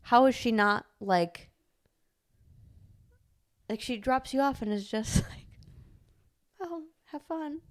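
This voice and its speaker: A young woman co-hosting a podcast, telling a story in animated casual chat, full of "like" and laughter. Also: a little high, takes it slowly, pauses often. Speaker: podcast co-host.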